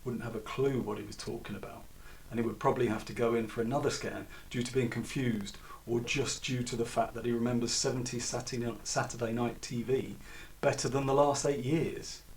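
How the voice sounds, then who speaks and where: A man's voice: mid-range voice, steady tone, brisk, a little mellow, slight background noise. A man reading his own novel aloud with wry, chatty asides. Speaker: author reading own book. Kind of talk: audiobook narration. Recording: distant mic.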